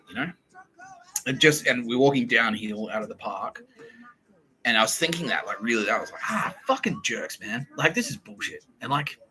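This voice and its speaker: A man's voice: lowish voice, poor audio. An Australian man hosting a podcast, telling a casual story with lots of swearing and acted-out quotes. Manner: animated, swears often, acts out quoted voices. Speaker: podcast host.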